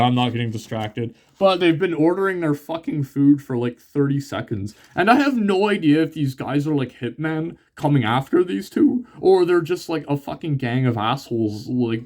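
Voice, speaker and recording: A man's voice: mid-range voice, darkish tone. A young man casually reviewing a comic, rambling with many fillers, swearing often and laughing. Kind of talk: casual chat.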